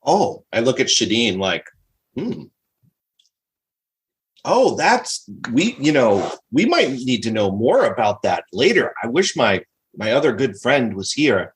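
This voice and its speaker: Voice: mid-range voice, big pitch swings, measured pace. Playful player in character. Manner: playful, chatty. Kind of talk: in-character role-play.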